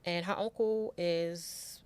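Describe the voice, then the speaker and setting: A woman's voice: lowish voice, steady tone, slow pace, a little mellow, clean tone. A middle-aged woman telling an emotional personal story as a podcast guest, candid and repeating her words as she goes.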